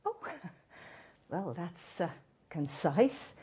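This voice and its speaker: A woman's voice: lowish voice, big pitch swings, very slow, dark tone, husky, full character voice. A comedian playing a beleaguered female talk show host who keeps up formal presenter patter and stammers when caught off guard. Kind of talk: stand-up character comedy.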